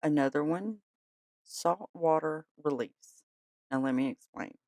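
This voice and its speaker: A podcast host in a gentle, chatty way of talking, tired and yawning late at night. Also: medium pitch, measured pace, no room sound. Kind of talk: casual podcast talk.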